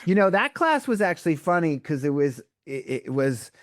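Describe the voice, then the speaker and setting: A man's voice: fairly high pitch, normal speed, no room sound, studio quality. A man, a breathwork coach, telling stories in a podcast interview and acting out what people said to him. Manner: animated storyteller acting out quotes. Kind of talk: conversational storytelling interview.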